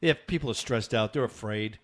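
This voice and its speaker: Animated middle-aged man telling a story. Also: lowish voice, brisk. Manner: animated storyteller, acts out dialogue. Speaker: podcast co-host. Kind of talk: casual chat.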